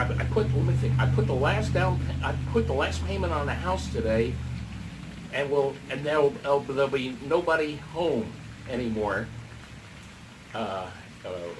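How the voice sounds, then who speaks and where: Excitable man with a high voice telling a story in a casual monologue, recorded from a distance with faint background noise. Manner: excitable, swings from hushed to loud. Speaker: vlogger.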